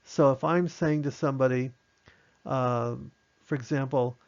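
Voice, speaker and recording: A man's voice: medium pitch, fairly even intonation, unhurried, darkish tone, clear, resonant tone, highs cut off. A man teaching an online amateur radio class in a conversational way, acting out short radio exchanges as examples.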